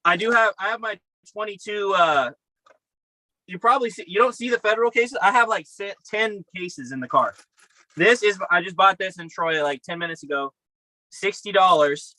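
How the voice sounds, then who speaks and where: Bright-voiced man on a video call. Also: high-pitched, moderate pace, dry recording, rough recording. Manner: profane and upbeat, rambling. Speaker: podcast co-host. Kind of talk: casual chat. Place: camper by a river outdoors.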